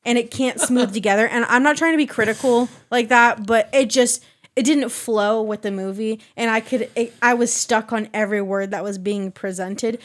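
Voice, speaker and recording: Animated young woman recapping a movie. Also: a little high, moderate pace. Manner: animated retelling with acted quotes and laughs. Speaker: podcast panelist. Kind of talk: casual chat.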